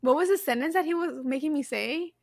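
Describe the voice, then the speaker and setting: A woman's voice: high voice, fast talker, no echo, clean studio sound. A woman co-hosting a casual podcast chat, rambling with fillers and restarts and laughing easily. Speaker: podcast co-host reading the quiz.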